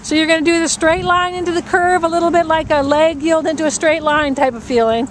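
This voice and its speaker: High-voiced woman coaching a riding lesson. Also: fairly even intonation, fairly quick, slight background noise. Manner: encouraging, repeats short commands. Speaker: riding instructor.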